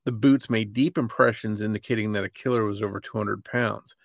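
Gravelly man reading true crime. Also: on the low side, steady tone, no room sound, studio quality. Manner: measured, reads from a script. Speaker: podcast co-host. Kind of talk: scripted true-crime narration.

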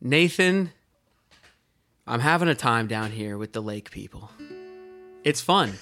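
A man's voice: mid-range voice, slow pace, faint music behind. A man in his thirties co-hosting a podcast, telling a funny story with lots of laughter and acted-out voices. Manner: animated storyteller, laughs often, acts out voices. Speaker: podcast co-host. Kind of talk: casual comedic chat.

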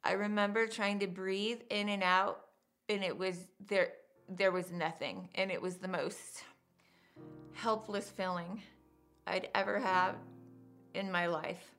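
A woman giving documentary interview testimony as a crime survivor, in a measured, halting, hushed way. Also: mid-range voice, steady tone, soft background music.

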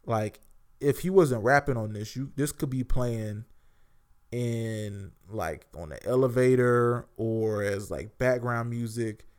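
A man's voice: mid-range voice, slow pace, smooth. A man giving a casual, rambling spoken album review as a show host, full of fillers and restarts.

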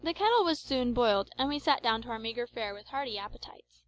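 A woman narrating an adventure novel in a measured, expressive audiobook reading. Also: on the high side, low-quality recording.

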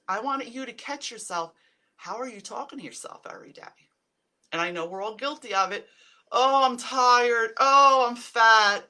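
A woman's voice: mid-range voice, bright, forceful tone. A middle-aged woman chatting casually to viewers on a live stream, giving direct, upbeat wellness tips. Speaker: wellness livestream host.

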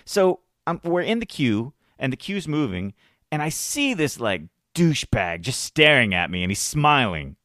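A man in his thirties tells a story in a loose, chatty way, and his pitch swings widely as he acts out the other people in it. The recording is dry and close, with almost no room sound. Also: normal speed, dry recording. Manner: animated, acts out quoted voices. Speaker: podcast host. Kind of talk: casual storytelling chat.

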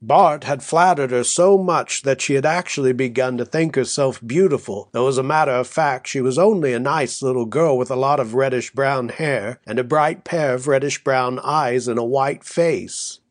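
A male narrator reads an old-fashioned story in a measured, even manner. His pitch sits right in the middle, and the recording is dry and close with no room sound. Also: no room sound. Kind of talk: scripted audiobook narration.

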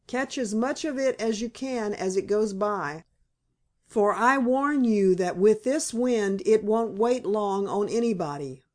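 A woman's voice: medium pitch, a little slow, a little mellow, close to an everyday voice. A woman reading as a cheerful pioneer father. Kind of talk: audiobook reading.

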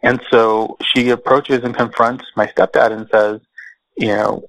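A man as an interview guest, telling a personal family story in a slow, measured way with many pauses and fillers. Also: medium pitch, animated, dry recording, poor audio.

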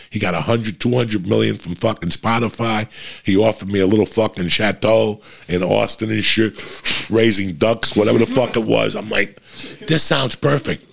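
A middle-aged man telling a rambling, profane story in a casual monologue, with a gravelly voice. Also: fairly low pitch. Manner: profane, rambling, frequent restarts.

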